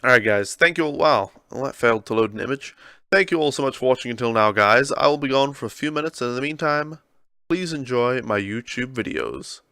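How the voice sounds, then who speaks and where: A man from New Zealand with a New Zealand accent, chatting excitably and jokingly as he livestreams a game. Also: medium pitch, a little fast, no room sound. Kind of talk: live gameplay commentary.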